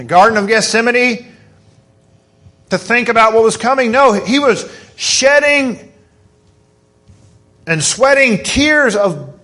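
A middle-aged man preaching a sermon in church, fervent and hoarse, swinging from soft, slow stresses to quick, excited bursts. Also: high voice. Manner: fervent, rising to excited emphasis.

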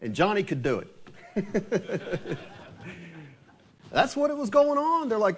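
Man preacher in a church, casual sermon, lively voice, slightly higher pitch, checks in with listeners. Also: measured pace, pauses often. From Ohio. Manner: conversational preaching, asks tag questions. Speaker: pastor.

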